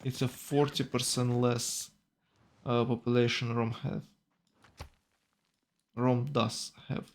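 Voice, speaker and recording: A man's voice: medium pitch, little pitch movement, slow. A man commentating a strategy game tournament, thinking aloud with hesitations and self-corrections.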